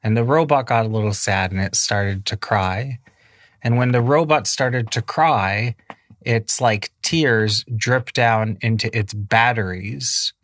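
A man's voice: lowish voice, a bit bright, dry recording, studio quality. Man improvising a kids' story. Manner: casual, many fillers, rambling. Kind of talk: improvised children's bedtime story.

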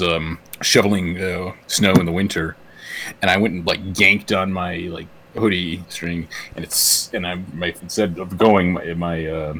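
A man's voice: sits low, fairly bright tone, slight background noise. A man co-hosting a casual podcast chat, rambling with many fillers. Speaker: podcast co-host.

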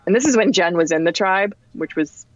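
A woman in her forties from New Jersey, a podcast guest telling a lively personal story and acting out quoted people with a raised pitch. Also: fairly quick, dry recording. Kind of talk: casual storytelling anecdote. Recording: dull, dry lo-fi podcast audio.

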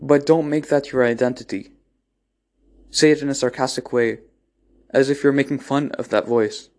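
Steady and darkish in tone, medium in pitch and moderate in pace, a man speaks off the cuff as a motivational speaker. His monologue is earnest and blunt, peppered with restarts, repeated phrases, and casual swearing.

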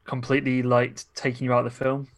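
A man's voice: mid-range voice, monotone, fast. Enthusiastic young man in casual chat.

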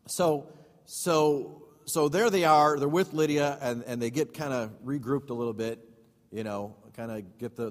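A male pastor teaching a Bible study sermon. He reads scripture aloud and then explains it in casual asides with questions to the congregation. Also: mid-range voice. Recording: long hall reverb.

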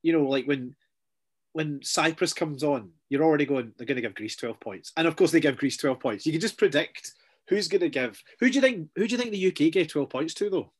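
A middle-aged man, chatting casually as a podcast co-host, sardonic and full of quick asides. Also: on the high side, breathy edge. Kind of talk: casual chat.

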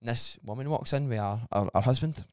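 A Scottish man hosts a casual podcast chat, telling stories with lively energy and a lot of swearing. His voice sits at a middle pitch. The sound is dry and close. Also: fairly quick, no room sound. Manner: animated storyteller, swears freely. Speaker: podcast host.

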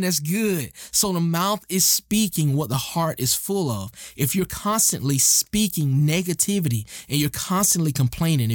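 A man's voice: a little high, no echo, studio quality. A man hosting a motivational podcast, talking earnestly and emphatically and repeating his key lines for effect. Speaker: podcast host.

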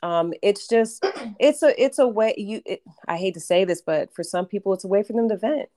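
A woman tarot reader talking about readings in a relaxed, rambling way, full of fillers and restarts. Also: medium pitch, brisk. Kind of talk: casual podcast chat.

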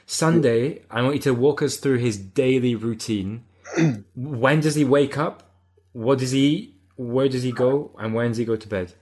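A man's voice: mid-range voice, normal speed, darkish tone. A man hosting a casual podcast interview, often stumbling and repeating words as he starts a sentence. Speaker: podcast host.

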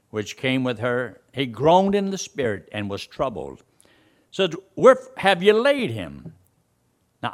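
A man preaching a sermon, reading scripture verses aloud and explaining them to his listeners. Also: mid-range voice. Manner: reads scripture aloud and explains it, voice rising and dropping sharply.

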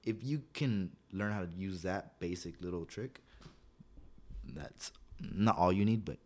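A man's voice: low voice, measured pace. A young man and school psychologist chatting casually, rambling with lots of fillers and acting out the quotes in his stories. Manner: rambling storyteller, filler-heavy, acts out quotes. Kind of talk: casual podcast chat.

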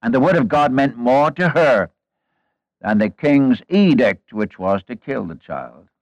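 A man's voice: mid-range voice, animated, a little slow, no echo, muffled recording. Earnest storytelling preacher man. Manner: earnest, storytelling with rhetorical questions and folksy asides. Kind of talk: sermon.

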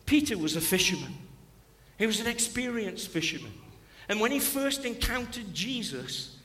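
High bright guy preaching in a church, lots of long hall reverb, keeps repeating his big lines. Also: very animated, moderate pace. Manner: impassioned, repeats key phrases. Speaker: pastor. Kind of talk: sermon. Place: church sanctuary.

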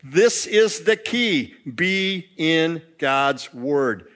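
A male pastor preaching a sermon in an expressive way, with wide swings in pitch and loudness. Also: very slow. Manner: acts out quotes in storytelling.

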